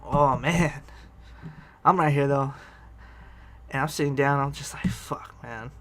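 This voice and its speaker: A man's voice: mid-range voice, fairly even intonation, measured pace. A man telling a rambling personal story on a vlog, swearing freely, restarting sentences and laughing often. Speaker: vlogger telling personal stories. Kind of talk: casual storytelling.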